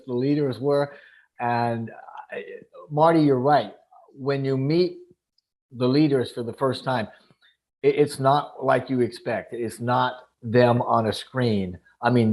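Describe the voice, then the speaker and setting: A man speaking as a guest on a livestream, excited and often searching for words. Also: medium pitch. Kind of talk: enthusiastic casual talk.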